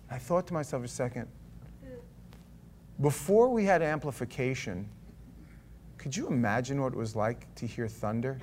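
A middle-aged man preaching a sermon, reading scripture aloud and breaking off into animated, conversational asides and jokes. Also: mid-range voice, normal speed, a little hiss or hum. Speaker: pastor.

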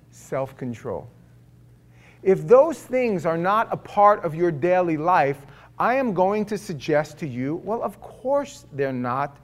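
In a high-pitched voice, a middle-aged man delivers a sermon as pastor, spinning it like a casual story. He alternates quiet and loud lines and mimics the voices of the people involved.

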